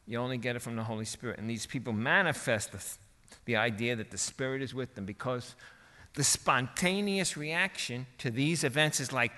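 A man preaching a sermon in a lively, colloquial way, swinging from quiet asides to excited shouting. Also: medium pitch, normal speed, big-room sound.

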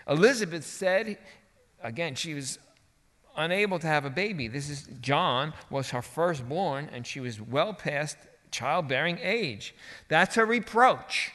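Man, preacher, sermon, animated and colloquial, forceful bright voice, long hall reverb. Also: fairly high pitch, unhurried. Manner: animated, colloquial, swings from quiet to shouting.

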